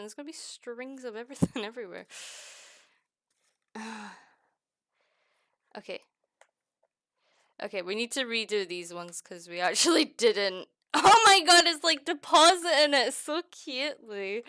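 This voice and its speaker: A young Scottish woman chatting excitedly and swearing often while crafting on a close mic. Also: a little high, measured pace, pauses often, smooth, dry recording. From Scotland. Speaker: streamer. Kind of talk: casual crafting chat.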